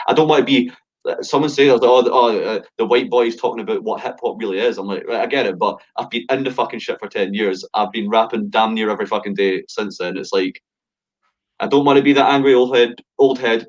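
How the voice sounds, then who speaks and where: Low-voiced Scottish rapper, blunt and sweary. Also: male voice, steady tone, brisk. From Scotland. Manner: blunt, swears freely, many fillers like "like". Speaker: rapper guest. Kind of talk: casual interview chat. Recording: dull lo-fi sound.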